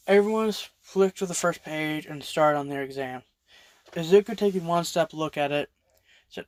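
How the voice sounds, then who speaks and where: A storyteller narrating an original fan story over speedpaints, halting with frequent restarts and self-corrections. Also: medium pitch, no room sound.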